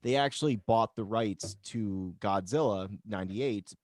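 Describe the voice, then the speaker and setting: A man's voice: lowish voice, measured pace, no room sound, studio quality. An American man co-hosting a podcast in casual chat, ranting with incredulous energy. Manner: animated, incredulous rants. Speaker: podcast co-host.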